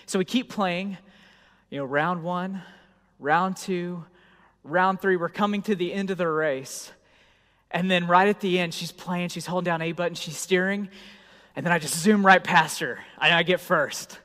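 A middle-aged man preaching a sermon and telling a lively, self-deprecating personal story. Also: sits high, normal speed. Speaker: pastor. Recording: long hall reverb.

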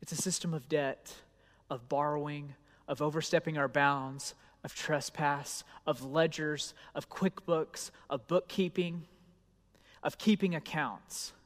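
Male pastor, storytelling sermon, slightly high voice, rises loud then drops hushed; long hall reverb. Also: fairly even intonation, a little slow.

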